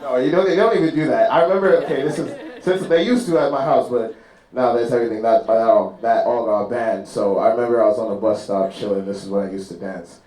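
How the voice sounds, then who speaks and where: A man's voice: mid-range voice, quick pace, recorded from a distance. A man doing a stand-up comedy set at a live venue, telling stories and acting out voices in between. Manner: animated storytelling, acting out characters' voices. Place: live club venue with audience. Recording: roomy live venue sound.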